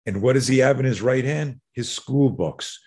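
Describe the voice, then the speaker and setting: A self-defense instructor telling an animated story in casual conversation, swearing freely. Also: male voice, mid-range voice, moderate pace, slightly rough.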